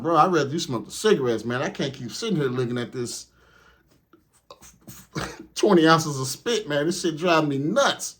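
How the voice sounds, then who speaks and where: A man's voice: a little high, animated, moderate pace, long pauses. A man telling a comedic story about his trucking training in a casual, profane, slangy way. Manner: profane, laid-back, slangy. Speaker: truck driver.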